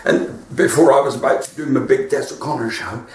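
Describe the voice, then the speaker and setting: A man's voice: medium pitch, steady tone, a little fast, roomy sound, distant mic. A man with a West Country accent doing chatty stand-up comedy from his front room, laughing at his own jokes. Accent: West Country English. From West Country of England. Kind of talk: live-streamed stand-up comedy chat.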